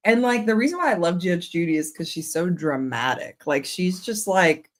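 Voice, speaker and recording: A young woman chatting casually, retelling a story with animated quoted voices. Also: lowish voice, normal speed. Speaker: co-host. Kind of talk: casual chat.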